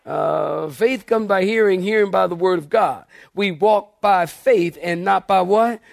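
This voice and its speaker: Man, pastor, sermon, animated storytelling, high voice, dry sound. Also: unhurried, vocal fry, no room sound. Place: church.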